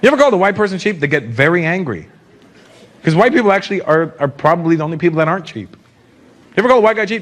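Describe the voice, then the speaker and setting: A man in his fifties from Canada doing a stand-up comedy set in a large theater, animated and slipping into mocking put-on voices. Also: sits high, very fast. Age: 50s. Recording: live show with crowd noise. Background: laughing audience.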